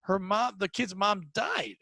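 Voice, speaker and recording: A man hosting a podcast, telling rambling, profane comic stories with loud outbursts. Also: sits high, a little slow, dry recording. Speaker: podcast host. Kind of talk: casual comedic storytelling.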